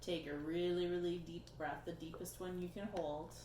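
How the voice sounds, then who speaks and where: Brief: woman, lowish voice, dry teasing co-host, roomy echo and faint hiss. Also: little pitch movement, moderate pace, warm tone. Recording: echoey room with faint noise.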